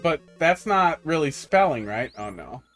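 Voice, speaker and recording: American guy streaming, jokey and rambly, kinda high voice, faint game music behind. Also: very animated, a little slow, a bit bright. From United States. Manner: joking, rambling, laughs often. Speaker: streamer reviewing viewer levels. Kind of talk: casual live-stream commentary.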